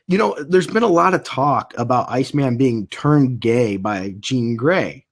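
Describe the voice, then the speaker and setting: A podcast host with a cold hosts a casual comic book chat in a husky, medium-pitched voice with lively intonation and an unhurried pace. He reads out live comments and laughs often as he talks.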